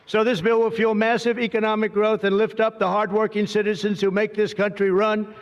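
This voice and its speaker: Older male speaker, off-the-cuff political address, boastful and digressive, fairly high voice, long hall reverb. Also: flat delivery, brisk, lo-fi sound. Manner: boastful, digressive, heavy superlatives. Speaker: president giving a speech. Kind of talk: rambling off-the-cuff political speech. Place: large hall at a signing event.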